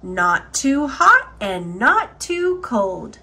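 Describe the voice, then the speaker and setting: A woman voicing a curious, bold little girl who exclaims in a high, childlike way. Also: very animated, very slow, sharp tone, heavily acted. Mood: pleased.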